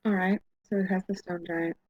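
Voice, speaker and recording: A woman's voice: fairly low pitch, flat delivery, brisk, darkish tone, no echo, dull audio. A woman playing in a tabletop game, thinking aloud as she reasons through the group's plan. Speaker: player. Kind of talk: casual tabletop game talk.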